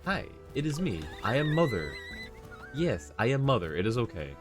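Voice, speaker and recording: A man's voice: mid-range voice, sing-song, over music, lightly acted. A man putting on a stiff, formal creature mother with a put-on British accent. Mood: reassuring. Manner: stiff, formal, halting declarations. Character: motherly female creature reassuring her baby.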